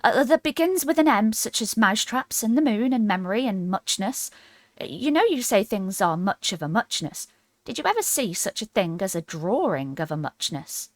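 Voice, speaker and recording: Hoarse sleepy dormouse, a woman doing it. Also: medium pitch, big pitch swings, dry recording, pitched above the performer's own voice. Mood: drowsy. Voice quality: hoarse, feeble. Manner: slow, drowsy, indignant. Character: sleepy small male dormouse, sulky. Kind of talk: storybook character voice.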